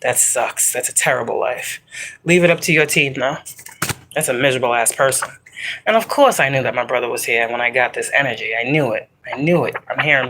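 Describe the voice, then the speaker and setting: A woman's voice: a bass voice, fairly quick, noisy background. A woman doing a psychic tarot reading for her viewers in a casual, rambling way, swearing often and pressing her points hard. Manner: profane, rambling, emphatic.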